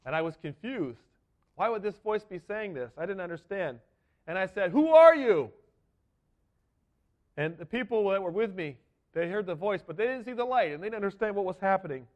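A man's voice: sits high, lively intonation, fairly quick, muffled recording. A man giving an earnest, emphatic sermon as a first-person dramatic monologue. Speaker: preacher.

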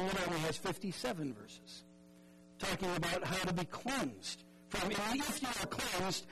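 A man's voice: high-pitched, rough recording. A man preaching a sermon in an earnest, conversational way, often repeating words and acting out the voices in the story.

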